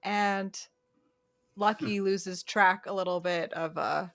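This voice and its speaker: A woman's voice: medium pitch, steady tone, takes it slowly, gravelly. Chatty woman podcast co-host. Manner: chatty, laughs often, retells scenes with hesitant fillers. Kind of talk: casual chat recapping a horror film.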